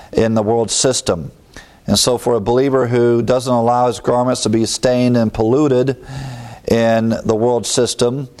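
A man giving a verse-by-verse Bible lesson, explaining steadily and repeating key words for emphasis, growing more forceful when he presses a point. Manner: grows more emphatic and higher-pitched when driving a point home. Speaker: Bible teacher.

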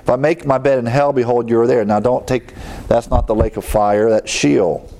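A man's voice: medium pitch, steady tone, moderate pace, mellow. A man preaching a Bible teaching sermon, explaining scripture in a conversational way with fillers and asides.

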